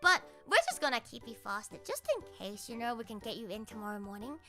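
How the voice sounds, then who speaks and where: A young woman streamer telling a story casually, animated and full of swearing, often laughing and mimicking other people. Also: fairly high pitch, a little fast, faint music behind.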